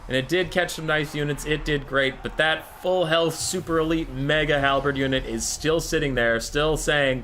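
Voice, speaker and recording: A man's voice: on the high side, moderate pace, few pauses, slight background noise. An American man from Minnesota giving joking, casual commentary on a strategy game tournament. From Minnesota, USA. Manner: joking, animated.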